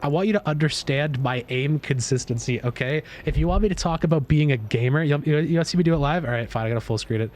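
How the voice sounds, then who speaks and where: A man streaming live, chatting casually while gaming, boastful and excitable, swearing freely. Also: on the high side, fast talker, hardly any pauses.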